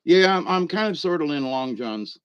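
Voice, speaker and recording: A middle-aged man rambles through an irreverent comic monologue in a folksy way, often chuckling at his own jokes. His voice sits a little high for a man. The sound is dry, with no room echo. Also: animated, normal speed, fairly bright tone, clean tone, muffled recording. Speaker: vlog host.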